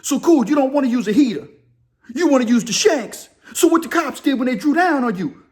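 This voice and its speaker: A man's voice: very high-pitched, lively intonation, brisk. A man hosting a crime and prison storytelling channel, talking casually in street slang and pressing his points with pointed rhetorical questions.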